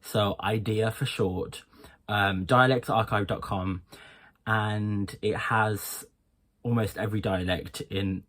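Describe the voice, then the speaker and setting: A young man gives an unhurried, explanatory tutorial, pausing often. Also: lowish voice, steady tone, a bit bright. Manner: unhurried, explanatory, with frequent pauses. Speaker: accent coach. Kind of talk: informal tutorial.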